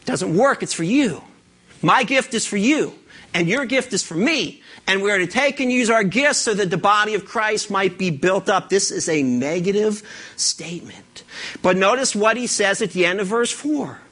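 A male pastor delivers a lively, conversational sermon with a high, bright, forceful voice. He keeps stepping into the voices of imagined listeners to make his point. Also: moderate pace. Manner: animated, acts out imagined listeners.

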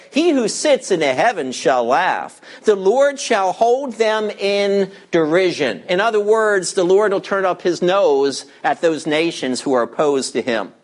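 A man preaching a verse-by-verse sermon, emphatic and teacherly, asking questions and answering them himself. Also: high-pitched. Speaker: pastor.

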